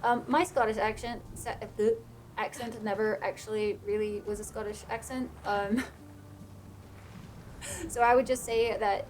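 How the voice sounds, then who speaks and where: A woman streaming a game who chats casually with her viewers and laughs often. Her accent drifts playfully whenever she gets animated. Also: medium pitch, unhurried, pauses often, slight background noise. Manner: chatty, laughs a lot, drifts between playful put-on accents. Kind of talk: casual live-stream chat.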